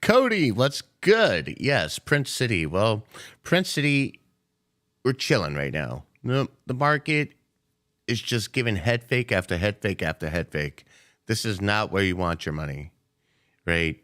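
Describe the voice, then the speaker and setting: Animated low-voiced man hosting a trading stream. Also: a little slow. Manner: loose and playful, swears freely, chats with viewers. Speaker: day-trading livestream host. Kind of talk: casual live market commentary.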